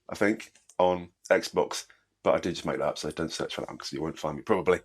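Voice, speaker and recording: Fast-talking bunged-up British man. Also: deep voice, breathy edge. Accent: British English. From Britain. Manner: chatty and self-deprecating. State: bunged up with a cold. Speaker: podcast co-host. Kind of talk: casual chat.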